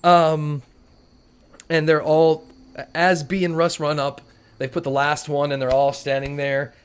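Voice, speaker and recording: A man with a fairly high voice runs a tabletop game. He narrates in a loose, chatty way, scattering filler words through his descriptions of the scene. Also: monotone, a little slow, clean tone. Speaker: game master.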